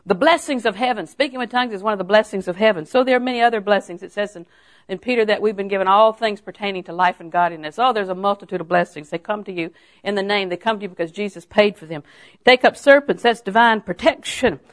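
An older woman preacher giving a sermon, telling homely stories and then rising into emphatic, drawn-out exhortations. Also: mid-range voice. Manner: folksy storytelling that rises to emphatic, drawn-out exhortation.

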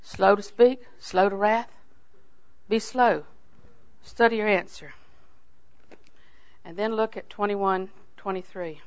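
A woman's voice: mid-range voice, slow, long pauses. Folksy older woman preaching. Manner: folksy and animated, swings from loud emphasis to hushed asides. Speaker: Bible teacher. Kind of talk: sermon.

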